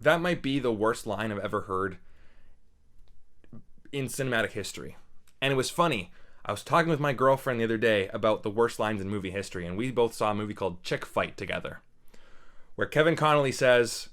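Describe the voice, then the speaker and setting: A man's voice: mid-range voice, expressive, a little fast, fairly bright tone. Blunt rambling young male movie reviewer. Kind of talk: casual unscripted review.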